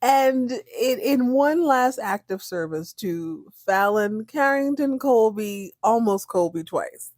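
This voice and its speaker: A woman's voice: on the high side, animated, a little mellow, no room sound, studio quality. A woman hosting a podcast, recapping a TV drama in a sassy, playful, joking way and briefly acting out the characters. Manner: sassy and playful, voicing characters in quick bursts. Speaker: podcast host recapping a TV series. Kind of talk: casual comedic recap.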